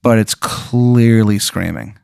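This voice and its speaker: A man's voice: on the low side, slow, gravelly, a little mellow, dry recording, clean studio sound. A young man hosting a podcast, casually telling an improvised crude story with lots of fillers. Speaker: podcast host.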